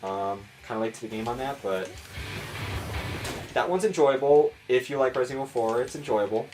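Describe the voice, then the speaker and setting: A man's voice: medium pitch, brisk, a little mellow, faint music behind. A man with a Chicago accent rambling casually as he comments on his gameplay. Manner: rambling, chatty, self-mocking. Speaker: gaming streamer.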